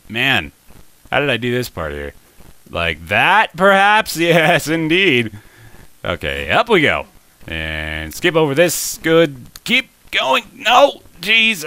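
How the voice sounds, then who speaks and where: A young man giving let's play commentary, excitable and talking to the game, with frustrated exclamations and laughs. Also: medium pitch, takes it slowly, long pauses, clean tone, no echo. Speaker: gameplay commentator.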